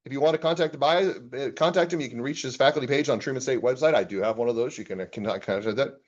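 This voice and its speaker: A man's voice: medium pitch, fast talker, dull audio. A man, an accounting professor, giving a casual classroom lecture and reading chatbot replies aloud with his own comments.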